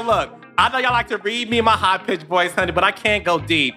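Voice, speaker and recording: A man hosting a reality TV podcast, talking in a campy, sassy, animated way. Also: high voice, brisk, faint music behind. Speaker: podcast host. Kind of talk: casual reality TV podcast chat.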